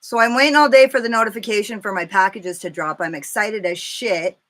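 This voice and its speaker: A woman in her thirties chatting casually and cursing freely as she does her makeup live for viewers, telling stories with animated energy. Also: mid-range voice, brisk. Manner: chatty, profane, animated storytelling. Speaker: makeup vlogger.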